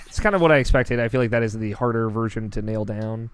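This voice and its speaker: A man hosting a casual gaming podcast, rambling in a relaxed way and swearing now and then. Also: mid-range voice, fast, slight background noise. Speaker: podcast host.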